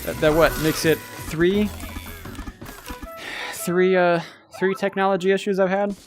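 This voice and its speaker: A man's voice: sits high, steady tone, unhurried. Wry, tired young man streaming a game. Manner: wry, self-mocking, chatting to viewers while playing. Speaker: livestreamer. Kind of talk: casual livestream gaming commentary. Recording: game music playing behind.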